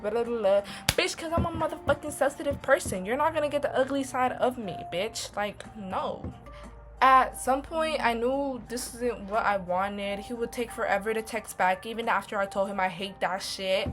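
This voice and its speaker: A young adult woman telling a casual storytime vlog, blunt and animated, swearing heavily and using a lot of slang. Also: a little high, moderate pace, soft background music. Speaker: vlogger.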